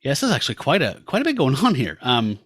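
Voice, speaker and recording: A man's voice: medium pitch, wildly swooping pitch, quick pace, a bit bright, dry recording, studio quality. A man co-hosting a casual comic-book podcast, walking through the panels aloud with chatty asides. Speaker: podcast co-host.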